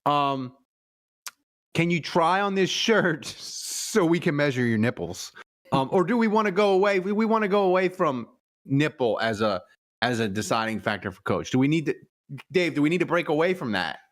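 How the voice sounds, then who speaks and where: A man's voice: fairly high pitch, very animated, normal speed. A man hosting a casual sports podcast, joking, laughing often and trailing off mid-sentence. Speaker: podcast host.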